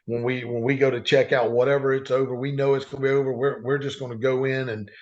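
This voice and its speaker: A man's voice: medium pitch, little pitch movement, fast talker, a little mellow. A man telling earnest stories as a podcast guest, rambling with frequent restarts. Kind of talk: casual storytelling. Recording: dull lo-fi sound.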